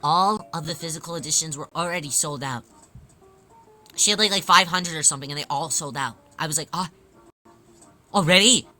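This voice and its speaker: Woman streamer, casual chat; very bright, sharp voice pitched on the low side; playful, repetitive bursts. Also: soft background music. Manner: playful and excitable, repeats phrases in rapid bursts; rambling, with frequent restarts and fillers. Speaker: live streamer chatting with viewers. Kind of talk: casual live-stream chat while sewing.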